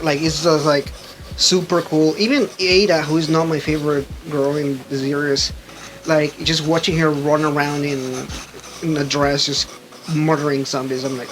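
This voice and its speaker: A man with a slightly high voice hosts a casual podcast, rambling excitedly about his favorite games and tripping over his words. A faint hiss of noise sits under the recording. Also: rough recording. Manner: rambling, excitable, frequent restarts and laughs. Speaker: podcast host. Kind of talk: casual gaming chat.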